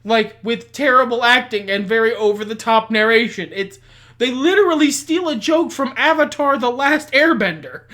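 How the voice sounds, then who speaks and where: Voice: mid-range voice, lively intonation, measured pace, a bit bright. A podcast co-host in casual chat, blunt and opinionated, swearing freely and often laughing. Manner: laughs often while talking.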